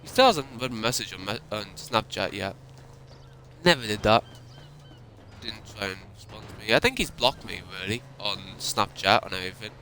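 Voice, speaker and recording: A man rants to his viewers, upset and emotional, swearing freely. His voice sits low and gravelly, with a bright, forceful edge. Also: lively intonation, normal speed, a little hiss or hum. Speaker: YouTuber. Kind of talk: ranting monologue.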